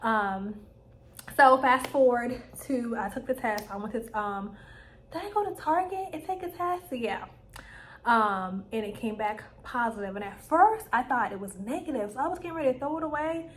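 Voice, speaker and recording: Speaking at a moderate pace in a slightly high voice, a young woman vlogger recounts a personal story to camera. She's casual and lively, performing the lines she quotes herself saying.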